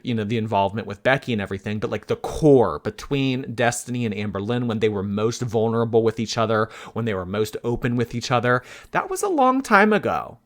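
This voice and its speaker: A man hosting a chatty commentary vlog, talking in a playful, animated way with jokey asides. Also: medium pitch. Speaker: YouTube commentary host.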